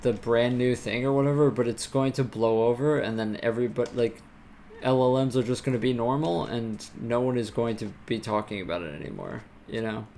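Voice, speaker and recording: A man's voice: mid-range voice, fairly quick, a little mellow, slight background noise. A man live-streaming while programming, chatting casually and ranting with lots of swearing and filler words.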